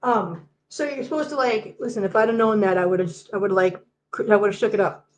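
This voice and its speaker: A woman's voice: mid-range voice, brisk, reverberant, a little hiss or hum, low-quality recording. A woman hosting a casual livestream from home, chatting and joking while she talks to her cats. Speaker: host.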